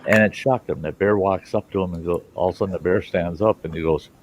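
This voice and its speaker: A man's voice: low voice, quick pace, poor audio. A man hosting his own show, telling jokes in a folksy, rambling way and laughing at his own punchlines. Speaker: host. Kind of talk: casual joke telling.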